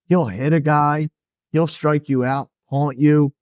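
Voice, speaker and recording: A man's voice: fairly high pitch, slow, no echo, highs cut off. A man co-hosting a casual sports podcast, telling stories with energy and acting out what players said. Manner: animated storyteller, acts out players' lines. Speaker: podcast co-host.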